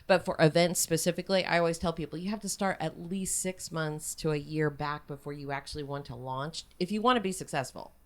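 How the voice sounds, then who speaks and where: A woman's voice: deep voice, brisk, few pauses. A woman co-founder of a film festival, talking as a guest in a casual interview in a businesslike way with small laughs. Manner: businesslike, laughs between points.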